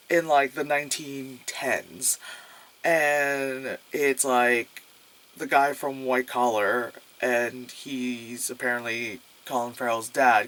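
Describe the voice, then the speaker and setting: A man talks through a movie in a loose, rambling way, sprinkling in filler words and dry sarcasm. His voice sits at an ordinary middle pitch. He swears freely as he goes. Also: a bit bright. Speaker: movie reviewer. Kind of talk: casual movie review.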